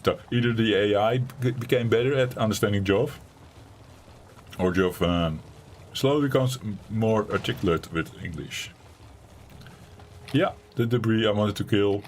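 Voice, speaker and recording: A man's voice: lowish voice, moderate pace, slight background noise. A man with a Dutch accent chatting casually while playing a game, rambling and talking to his viewers. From Netherlands. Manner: chatty and rambling, talking to chat between tasks. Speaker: game streamer. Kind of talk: casual gameplay commentary.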